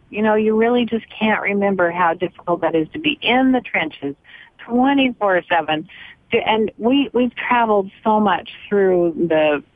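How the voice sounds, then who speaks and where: A woman's voice: lowish voice, no echo. Grandmother radio co-host, dry and tinny. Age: older. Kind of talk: casual radio chat. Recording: dry, narrow phone-like radio sound.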